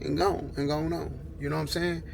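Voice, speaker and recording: A man's voice: fairly high pitch, little pitch movement, fairly quick, vocal fry, slight background noise. A man talking in a laid-back, rambling way for his car vlog, outdoors with dogs barking behind him. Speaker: car vlogger. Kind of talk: casual vlog talk.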